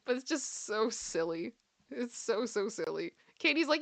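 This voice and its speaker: A woman's voice: a little high, sing-song, measured pace, vocal fry. A woman hosting a live commentary chat, chatty and giggly, often repeating her phrases. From Canada. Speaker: commentary show host.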